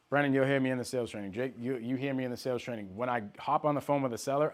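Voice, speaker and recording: Male sales coach, mid-pitched voice, direct and punchy delivery for a live training session. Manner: direct, emphatic, talks straight to trainees by name.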